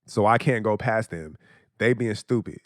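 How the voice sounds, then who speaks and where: A man's voice: lowish voice, normal speed, no room sound, clean studio sound. A young adult man hosting a podcast, talking in a blunt, profane, casual monologue and laughing often. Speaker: podcast host.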